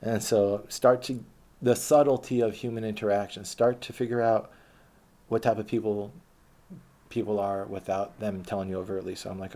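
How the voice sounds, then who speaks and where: A man with a low, warm, mellow voice tells his life story in a loose, rambling monologue. He talks casually and swears freely, often restarting his sentences and leaning on fillers as he thinks aloud. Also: flat delivery, moderate pace.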